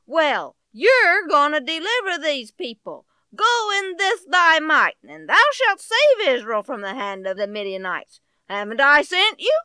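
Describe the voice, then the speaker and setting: A woman's voice: sits high, big pitch swings, unhurried, hardly any pauses, sharp tone, no room sound, voice pushed up, exaggerated voice. A woman voicing a heavenly angel who gives firm, reassuring commands. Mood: commanding. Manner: firm, reassuring, plain-spoken.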